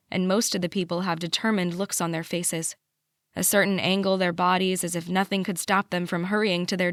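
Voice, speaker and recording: A young adult woman narrating a first-person audiobook in a measured, emotive way. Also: fairly low pitch, no room sound, clean studio sound.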